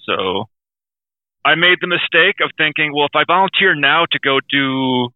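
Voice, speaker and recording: This male podcast co-host, with a slightly high, expressive voice at a moderate pace, rambles bluntly in casual conversation. He's self-deprecating and keeps apologizing for his words. The audio has no echo but sounds tinny and phone-like.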